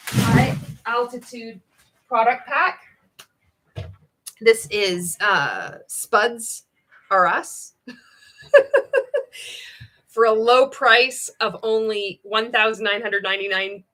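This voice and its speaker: A woman voicing a pushy female infomercial salesperson, making a playful hard-sell pitch. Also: slow pace, long pauses, bright, forceful tone, low-quality recording. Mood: mock hard-sell.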